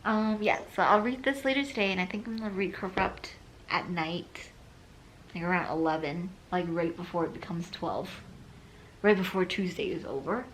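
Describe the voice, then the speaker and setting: A woman's voice: fairly low pitch, normal speed, slight background noise. A young woman chatting casually in a reading vlog from her bedroom, rambling and saying "like" a lot. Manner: chatty, rambling, fills speech with "like". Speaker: book vlogger.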